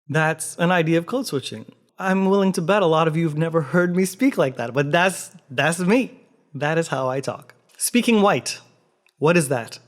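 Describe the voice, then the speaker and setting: A man from Canada speaks straight to camera, laying out his ideas in a clear, measured, explanatory way. His voice sits a little higher than most men's. The tone is casual, like a theatre artist chatting with his audience.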